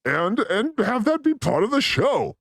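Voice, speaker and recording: A man with a high, gravelly voice leads a crude comedy podcast. His pitch leaps around wildly as he tells joke after joke. The sound is close and dry. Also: sing-song, a little slow, no room sound. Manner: joking, playful, swings between loud bursts and mutters. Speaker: podcast host.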